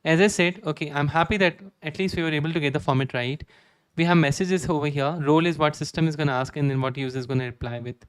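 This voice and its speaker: A young man with an Indian accent streaming live code, reading documentation aloud and thinking out loud with many "okay"s. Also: on the high side, quick pace, smooth, no room sound. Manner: reads docs aloud, frequent "okay" fillers.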